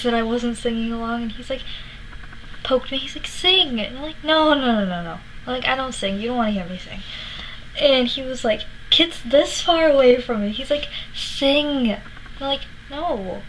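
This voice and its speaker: A woman's voice: on the high side, slight background noise, low-quality recording. A young woman from Florida telling a story to her vlog audience in a chatty way, acting out quotes, laughing and swearing now and then. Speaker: vlogger. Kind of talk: casual storytelling.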